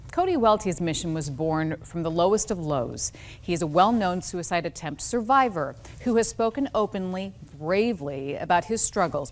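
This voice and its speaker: A woman news anchor presenting a scripted segment in a composed, deliberate way. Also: on the low side.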